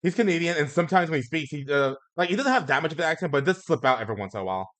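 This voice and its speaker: A man's voice: fairly high pitch, animated, racing, fairly bright tone. A man hosting a casual talk stream, speaking hesitantly with frequent restarts. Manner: hesitant, many fillers and restarts. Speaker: host. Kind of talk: casual chat.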